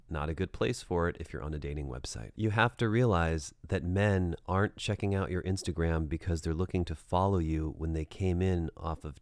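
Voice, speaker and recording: A man with a deep, low voice, talking straight to the listener as a dating coach. His delivery is direct and conversational, and now and then he checks in with the listener. The sound is dry and close, with no room echo. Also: darkish tone. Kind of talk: advice monologue.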